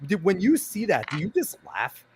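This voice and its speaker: A man hosting a casual podcast interview, who talks in a jokey, excitable, rambling way and uses many "like"s. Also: sits high, normal speed, slight background noise. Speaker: podcast host.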